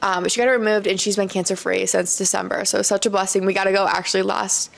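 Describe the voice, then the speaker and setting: Speaking fast in a flat, creaky, medium-pitched voice, a young woman from Iowa hosts her own casual podcast. She's candid and chatty, leaning on "like" and "um" and laughing a lot, but her emotions are raw, tearful and choked up.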